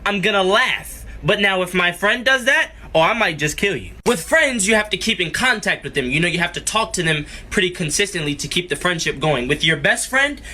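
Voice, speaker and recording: A man's voice: sits high, expressive, brisk, few pauses, sharp tone. A man giving a playful, teasing comedic monologue.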